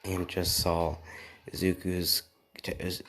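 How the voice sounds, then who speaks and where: A young man improvising a fan story, soft-spoken, rambling, and often correcting himself. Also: deep voice, monotone, slow, slight background noise. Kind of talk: improvised fan-fiction narration.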